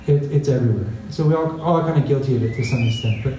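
The pastor talks rapid-fire in a medium pitch with a dark tone, peppering his conversational sermon with "right?" asides to the congregation. He sounds distant in an echoey room, with slight background noise.

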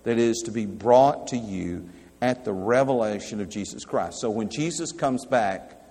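A man's voice: fairly low pitch, unhurried, warm tone. Man preaching in a reverberant hall. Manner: conversational Bible teaching, reading verses aloud and asking the audience. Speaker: pastor. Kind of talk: sermon.

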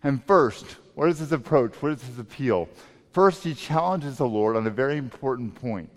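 A man preaching a sermon as pastor, emphatic and swinging between loud and soft delivery. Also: medium pitch, animated, moderate pace. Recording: long reverb of a large hall.

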